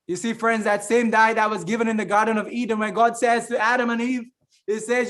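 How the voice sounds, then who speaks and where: A man's voice: high-pitched, steady tone, fast, fairly bright tone. A man giving a fervent, preaching-style health talk as an evangelist and remedies trainer, rambling with restarts and often calling the listeners friends. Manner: rambling with frequent restarts and fillers.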